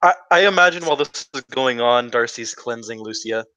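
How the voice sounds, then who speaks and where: A man playing a tabletop game, animated and giggly as he describes his character. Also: mid-range voice, fairly quick, clear, resonant tone, dry recording. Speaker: player. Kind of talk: tabletop role-play chat.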